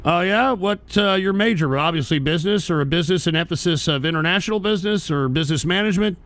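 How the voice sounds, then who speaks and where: A man's voice: high voice, fast talker, a bit bright, no room sound. A man hosting a call-in show, talking crude and ranting with constant swearing. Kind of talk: profane call-in stream chat.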